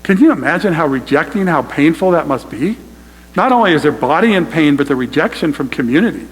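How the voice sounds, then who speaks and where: A man's voice: fairly high pitch, expressive, brisk, husky, big-room sound, low-quality recording. A man preaching a sermon to his congregation, emphatic and direct, often calling them "you guys". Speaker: pastor. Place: church sanctuary.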